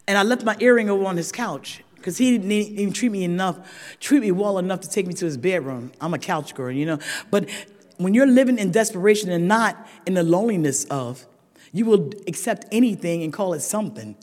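At a recovery meeting, a woman with a medium-pitched voice shares her personal recovery testimony at a fairly quick pace, and her voice carries through a large hall with a long, ringing echo. She tells it frankly and humorously, doing lively, vivid impressions of the people in her story.

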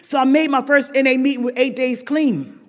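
An older woman with a high voice tells a meeting a humorous story about her recovery, speaking at normal speed. A lively storyteller, she laughs often and rises to shouted emphasis, all in an echoey hall.

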